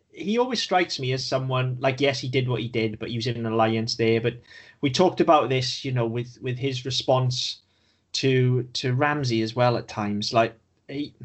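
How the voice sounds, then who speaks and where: A man's voice: medium pitch, measured pace. A man co-hosting a podcast, chatting casually about a TV episode and swearing freely as he talks. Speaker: podcast co-host. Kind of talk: casual chat reviewing a TV episode.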